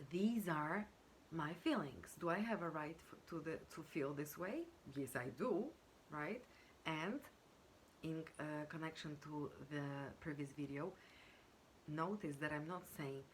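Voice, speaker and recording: Low, slow-speaking woman coach. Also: a little hiss or hum. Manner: measured, pausing with fillers, acts out example phrases. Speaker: communication coach. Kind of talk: explanatory teaching talk.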